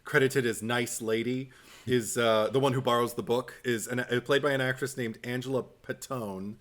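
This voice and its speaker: A man co-hosting a podcast, telling stories in a chatty, animated way. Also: mid-range voice, a little fast. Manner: animated storyteller, acts out quotes. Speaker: podcast co-host. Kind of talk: casual film discussion.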